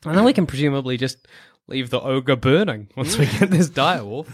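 A man's voice: mid-range voice, lively intonation, normal speed. A man playing a tabletop game, joking and rambling as he talks with his friends. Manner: jokey, rambling. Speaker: player. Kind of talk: casual banter at a game table.

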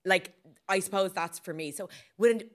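A woman co-hosting a film podcast in casual chat, animated and quick to laugh, with frequent asides. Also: mid-range voice. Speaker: podcast co-host.

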